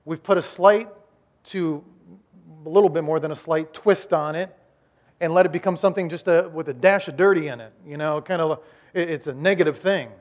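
A man preaching a sermon as the pastor, swinging between loud emphasis and quiet, slowed-down lines, often repeating and restarting words. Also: on the high side. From Iowa, United States.

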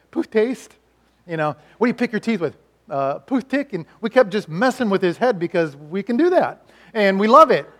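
A middle-aged man preaching a sermon, telling stories in an animated way and swinging between loud lines and hushed ones. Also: high-pitched. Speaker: pastor and chaplain.

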